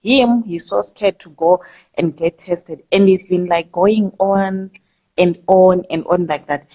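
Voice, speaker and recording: Woman caller on a live call-in, halting and hesitant, slow delivery. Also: lowish voice, warm tone, low-quality recording. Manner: hesitant, halting, full of fillers.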